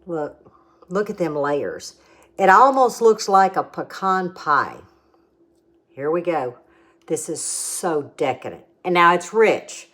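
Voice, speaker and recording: A middle-aged woman with a drawl talks through a home cooking demo and tasting in a chatty, homey way. Her voice sits low and unhurried, and she explains each step patiently. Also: lively intonation, fairly bright tone.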